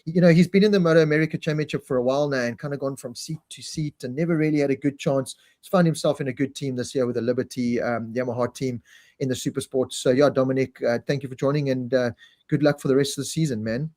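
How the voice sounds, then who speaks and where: A man's voice: mid-range voice, steady tone, fast talker, darkish tone, no room sound. A man hosting a live-streamed chat show who reads out viewer comments as he goes. His talk is loose and chatty, with frequent repeated words. The sound is dry and close to the mic. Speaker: podcast host.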